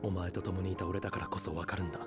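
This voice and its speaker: A man's voice: low voice, flat delivery, racing. An actor playing an intense young male scientist who makes earnest, insistent declarations of love in anime dialogue. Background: anime soundtrack music.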